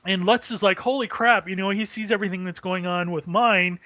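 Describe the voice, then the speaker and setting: A man's voice: high-pitched, fairly even intonation, a little fast, pushed and bright, no echo, low-quality recording. A man hosting a casual anime recap, rambling with many fillers and chuckling as he goes. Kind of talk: casual chat.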